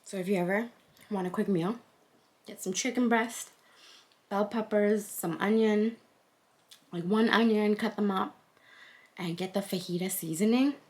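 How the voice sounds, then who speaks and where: A woman's voice: medium pitch, steady tone, a little slow, long pauses, a little mellow. A woman in her thirties chatting casually to her phone camera for a home vlog, full of fillers like "like" and "so yeah". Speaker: vlogger.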